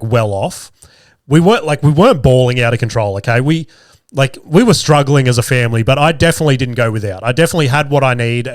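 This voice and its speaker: A man's voice: medium pitch, no echo, clean studio sound. A man, telling casual stories as a podcast host, swearing freely and acting out quoted lines. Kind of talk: casual storytelling.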